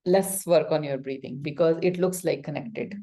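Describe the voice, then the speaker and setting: A woman's voice: sits low, normal speed, mellow. A woman with an Indian accent teaching a yoga lesson, coaxing answers from her student with questions and acted-out examples.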